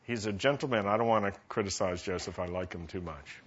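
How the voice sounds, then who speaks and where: Man, pastor, preaching, questions to the congregation, bright voice, dull lo-fi recording. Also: sits low, a little fast, slightly rough. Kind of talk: sermon.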